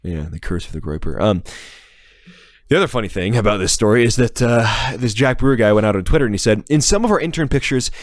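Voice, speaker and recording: A man's voice: on the low side, fast, no room sound, clean studio sound. A man hosting a podcast in casual, mocking chat, often repeating words as he goes. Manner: mocking, sarcastic, repeats words while searching. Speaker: podcast host.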